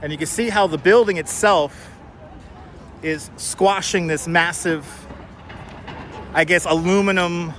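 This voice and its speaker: A man's voice: high voice, measured pace, long pauses, a bit bright. A man live streaming while walking city streets, chatting casually, joking and greeting viewers by name. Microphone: wireless clip-on mic. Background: faint city traffic.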